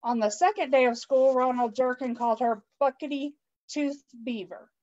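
A woman's voice: high voice, moderate pace, a little mellow. A woman reading a children's picture book aloud, adding chatty asides for her young listeners. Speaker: guest storytime reader. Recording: dull lo-fi online stream audio.

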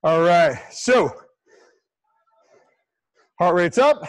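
A man's voice: high-pitched, lively intonation, extremely slow, no echo, low-quality recording. A man coaching a livestream workout, breathless and encouraging, counting down reps. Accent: American. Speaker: fitness coach.

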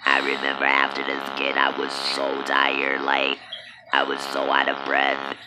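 Slow-talking woman over loud noise. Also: very deep voice, completely flat delivery. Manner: halting, with many fillers and pauses. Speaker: vlogger telling her birth story. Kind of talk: casual personal storytelling.

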